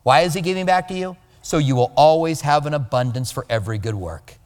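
Guy preaching, kinda high voice, lively, big echoey hall sound. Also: brisk. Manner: animated, mimics voices of others. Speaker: pastor. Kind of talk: conversational sermon.

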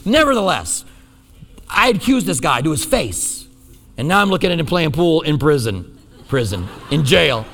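A male pastor preaching a sermon, telling a personal story with lively, self-deprecating humor. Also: on the high side, normal speed, long reverb tail, a little hiss or hum.

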